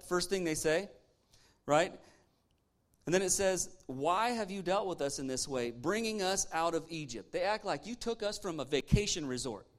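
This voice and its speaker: A man preaching a sermon as pastor, animated and punchy, with sarcastic asides and rhetorical questions to the congregation. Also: high voice.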